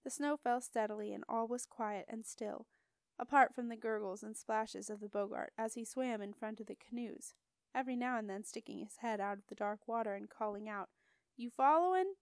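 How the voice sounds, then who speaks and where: A woman reading a children's audiobook in an even, clear storytelling manner. Her voice sits a little high. The recording is dry and close, with no room sound. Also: brisk, no echo. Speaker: audiobook reader. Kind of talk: audiobook narration.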